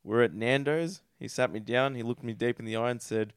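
A man's voice: mid-range voice, fairly quick, smooth, no room sound, clean studio sound. A man with an Australian accent, a podcast guest telling his story in a candid, crude and self-deprecating way.

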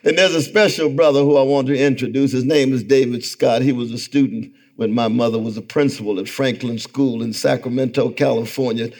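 Brief: middle-aged male lecturer with a preacher's rhythm, in a hall before a crowd, mid-range voice, builds to near-shouts. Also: medium pitch, steady tone, a little fast, few pauses. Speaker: guest lecturer. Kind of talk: sermon-like public lecture. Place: event hall before a live audience.

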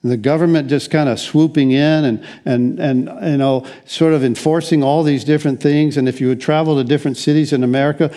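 A man's voice: fairly high pitch, steady tone, a little fast, hardly any pauses, warm tone. An older man preaching a conversational sermon as pastor, rambling along with frequent restarts and wry asides.

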